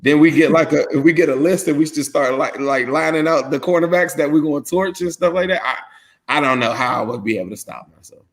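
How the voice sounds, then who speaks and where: A man's voice: fairly high pitch, fairly quick. Male co-host, casual sports chat, jet-lagged and rambling. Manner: rambling, heavy use of "like". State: tired from jet lag. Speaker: podcast co-host.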